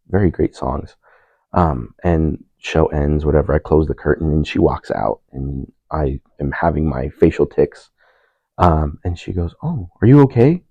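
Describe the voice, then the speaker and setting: A young man telling a personal story in a casual panel talk, relaxed and laughing, animated when quoting people. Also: rumbling low, vocal fry, no echo, rough recording. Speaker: panel speaker.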